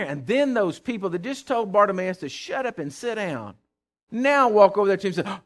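A preacher in full sermon, his voice riding high and leaping all over its range. He is emphatic and calls out to the congregation, swinging from near-shouts down to hushed asides. The tone is bright and ringing. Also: big pitch swings, a little fast. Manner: emphatic, call-and-response, swings from loud to hushed. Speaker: pastor.

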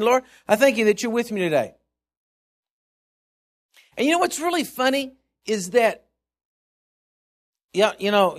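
A man's voice: high voice, fairly bright tone. A male preacher giving a sermon in an emphatic, conversational way.

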